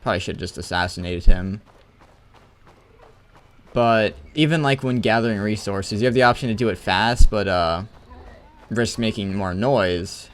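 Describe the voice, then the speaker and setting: A man's voice: on the low side, moderate pace, pauses often. A man hosting a let's play, chatting casually and correcting himself as he plays. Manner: rambling and self-correcting. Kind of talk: casual game commentary.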